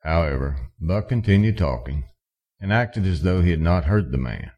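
A man reading a western story aloud in steady, measured narration. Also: sits low, dull audio. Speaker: audiobook narrator. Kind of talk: scripted narration.

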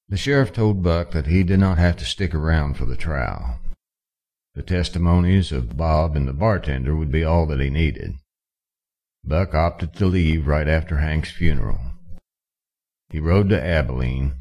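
A man reading a western story aloud in steady, measured narration. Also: very deep voice, muffled recording. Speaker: audiobook narrator. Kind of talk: scripted narration.

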